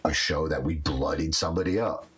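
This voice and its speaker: A man co-hosting a podcast, a wrestler telling stories in casual chat, animated, with many restarts. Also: extremely low pitch, brisk.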